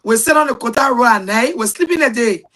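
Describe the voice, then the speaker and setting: A middle-aged woman with a Liberian accent and a high voice tells her stories in a casual, lively way. She bursts into loud quoted voices as she goes. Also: brisk, low-quality recording. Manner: animated storyteller, shouts quoted voices. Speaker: guest. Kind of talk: casual storytelling.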